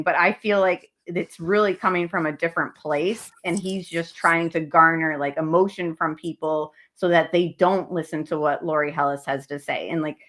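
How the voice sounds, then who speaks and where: A woman's voice: sits low, a bit bright. Chatty woman analysing with many fillers. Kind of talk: casual commentary.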